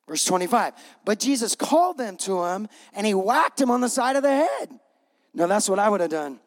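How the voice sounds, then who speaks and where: Animated man preaching in a reverberant hall. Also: very high voice, fairly quick. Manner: animated storytelling with acted-out voices. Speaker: pastor. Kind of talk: sermon.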